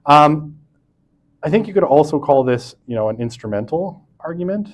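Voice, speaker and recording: A man's voice: fairly high pitch, animated, normal speed. A man giving a recorded university lecture in a casual, chatty way. He keeps checking in with "right?" and breaks off for asides and restarts. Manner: self-interrupting, with asides and restarts.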